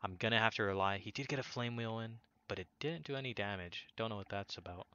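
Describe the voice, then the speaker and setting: A man's voice: lowish voice, quick pace, sharp tone, clear, resonant tone. A young man giving casual, rambling gameplay commentary as a gaming video host, upbeat and full of fillers and restarts. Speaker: gaming YouTuber. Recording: dull lo-fi audio.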